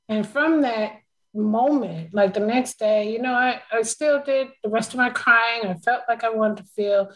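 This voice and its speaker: A woman's voice: on the high side, unhurried, poor audio. Woman telling her story on a podcast, emotional, laughs a lot. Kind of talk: casual conversation.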